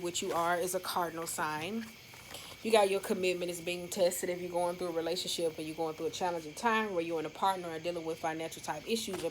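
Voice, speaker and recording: A woman tarot reader talks to her viewers in a loose, rambling flow and swears casually. Her voice sits a little low for a woman. A steady noise hisses under the recording. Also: rough recording. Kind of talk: casual monthly love reading.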